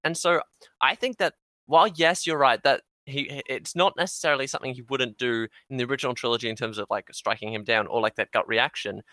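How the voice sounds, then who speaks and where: A man with an Australian accent in a casual film discussion, thinking out loud and leaning on "like". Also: medium pitch, brisk, dry recording. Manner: thoughtful, uses "like" often.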